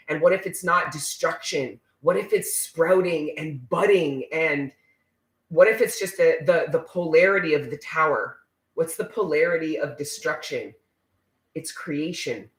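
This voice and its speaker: Tarot reader, male, fairly high voice, intense and preachy, curses casually, roomy echo. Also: fairly bright tone. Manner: emphatic, preachy, swears freely. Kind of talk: casual spiritual reading for viewers.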